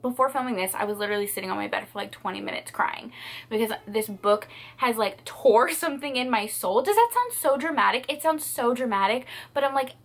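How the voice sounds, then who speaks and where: A woman's voice: a little high, animated, brisk, gravelly, fairly bright tone. A young woman in a reading vlog, tearful and rambling, repeating herself and swearing as she talks about a book. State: tearful, crying. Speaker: book vlogger. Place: at home, indoors.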